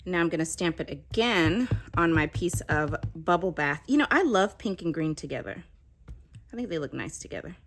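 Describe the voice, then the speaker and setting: A woman with a lilt talks through a card-making tutorial in an easy, chatty way. Her voice sits a bit low for a woman. She narrates each step as she works. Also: expressive, normal speed, fairly bright tone. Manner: chatty, explaining step by step while working. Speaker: craft demonstrator. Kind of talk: casual craft tutorial.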